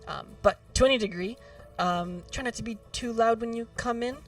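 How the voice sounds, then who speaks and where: A woman voicing a courteous, grateful older nobleman who talks formally with many pauses. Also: fairly high pitch, voice pushed up, lightly acted. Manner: formal, hesitant. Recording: distant mic, faint music behind.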